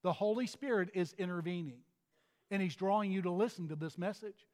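A man's voice: high-pitched, a little fast, darkish tone, in a large hall. A pastor delivering a sermon in an earnest manner, often restarting his phrases.

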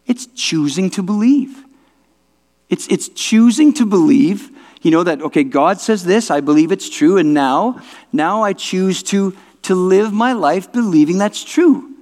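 A man's voice: high-pitched, lively intonation, measured pace, darkish tone. A male pastor giving an informal, conversational sermon, often restarting words and asking the audience whether it makes sense. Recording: long reverb of a large hall.

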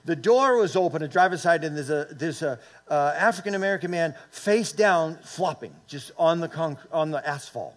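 A man's voice: on the high side, lively intonation, moderate pace. A man in his late fifties or older preaching a sermon, telling a personal story and calling on the congregation to respond. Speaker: pastor.

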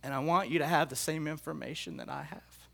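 A man's voice: fairly high pitch, steady tone, fairly quick, creaky, bright, forceful tone. A middle-aged man, a pastor, telling his dreams in a sermon, earnest and emotional, often repeating and restarting his phrases. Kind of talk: sermon sharing prophetic dreams.

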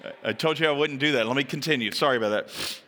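Animated male preacher in a reverberant hall. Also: quick pace. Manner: animated storytelling, acting out quoted lines with sudden high pitch. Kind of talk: sermon.

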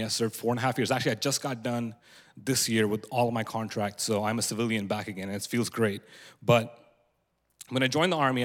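Young man, candid storyteller, church-event speaker, long hall reverb, mid-pitched. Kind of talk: personal testimony talk.

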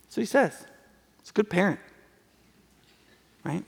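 High, gravelly-voiced preacher man in a hall. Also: lively intonation, measured pace, long pauses. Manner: conversational, acts out quoted voices, rhetorical questions. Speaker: pastor. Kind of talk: sermon. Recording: long reverb of a large hall.

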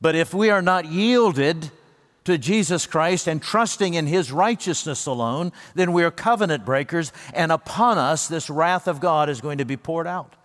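A man preaching a sermon as pastor, earnest and emphatic, slowing down and lifting his voice for the words he quotes. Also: a little high, a bit bright, in a large hall.

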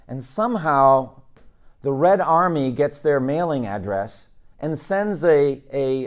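A middle-aged man preaching a sermon, animated, rising loud for emphasis and dropping low. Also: clean tone.

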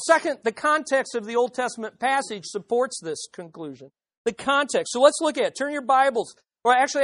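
A woman's voice: a little high, dry recording. A woman preaching a sermon, putting rhetorical questions to the audience with emphasis.

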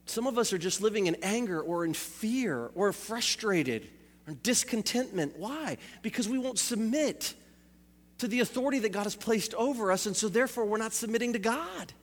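High-voiced pastor preaching in a reverberant hall. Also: male voice, expressive, moderate pace. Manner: rhetorical questions, repeats phrases for emphasis. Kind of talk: sermon.

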